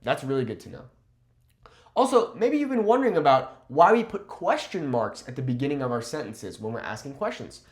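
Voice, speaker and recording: A man teaching a language lesson, slowly repeating phrases and often checking in with "okay?". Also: mid-range voice, very animated. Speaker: Spanish teacher. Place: Mexico.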